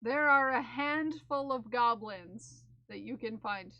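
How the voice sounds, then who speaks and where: A woman livestreamer chatting casually with her viewers in a playful, giggly way, often repeating phrases in silly drawn-out voices. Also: on the high side, muffled recording. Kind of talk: casual live-stream chat with viewers.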